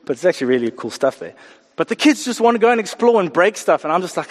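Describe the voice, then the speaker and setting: A middle-aged man preaching a sermon, animated and acting out the voices he quotes. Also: high voice, fast talker. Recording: hall reverb.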